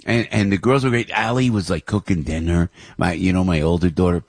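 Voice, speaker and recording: A man's voice: low-pitched, fairly even intonation, brisk, dry recording. A man, host of a show, telling a rambling, emotional story about his family with many restarts. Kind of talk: casual storytelling monologue.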